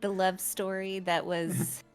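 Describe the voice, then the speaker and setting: A woman's voice: fairly low pitch, level tone, slow pace, clear, resonant tone, faint music behind. A woman, a player on a tabletop game stream, chatting playfully and joking with the group. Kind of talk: casual chat.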